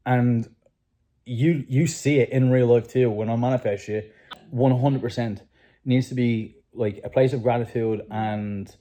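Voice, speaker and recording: A man's voice: mid-range voice, fairly even intonation, unhurried, warm tone. A man hosting a casual chat, earnestly coaching a guest on manifesting and repeating "right?" often. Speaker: host. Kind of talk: motivational advice chat.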